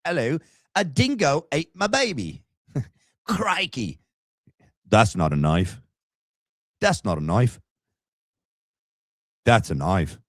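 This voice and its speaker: A man's voice: medium pitch, sing-song, takes it slowly, pauses often, no room sound, studio quality, exaggerated voice. A man putting on a goofy, exaggerated mock Australian accent as a jokey caricature of an Aussie bloke. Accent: put-on Australian.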